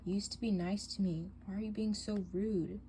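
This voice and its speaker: A woman's voice: medium pitch, fairly even intonation, moderate pace, mellow, lightly acted. A woman voicing a hurt, hesitant teen girl in a doll drama who stammers and defends herself, faint hiss behind.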